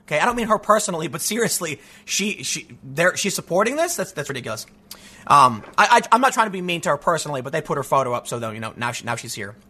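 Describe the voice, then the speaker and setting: A man's voice: fairly high pitch, big pitch swings, quick pace, sharp tone, husky. A man delivering a sarcastic, ranting opinion monologue as a commentary host.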